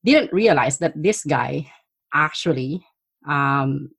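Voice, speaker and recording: A middle-aged woman telling stories from her past in a casual chat, animated and laughing often. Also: low-pitched, takes it slowly, gravelly, slightly rough, no echo. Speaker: guest. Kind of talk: casual storytelling.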